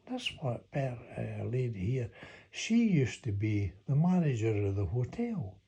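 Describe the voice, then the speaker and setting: An older Scottish man reminisces in a slow, unhurried ramble, his voice gravelly and deeply husky. His pitch swings widely as he tells his story in a folksy way. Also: dark tone. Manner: rambling, folksy, chuckling as he recalls. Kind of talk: reminiscing monologue.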